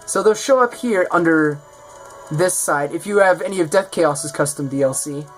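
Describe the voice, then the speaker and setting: Speaking at a normal pace in a somewhat high voice, this man presents his own game mod at a showcase while soft music plays behind him. His delivery is casual and offhand, wandering and full of self-corrections.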